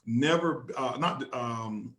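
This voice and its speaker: A man's voice: medium pitch, takes it slowly, fairly bright tone, echoey room. A man hosting a motivational company conference call, hyped and repetitive, with many fillers and restarts.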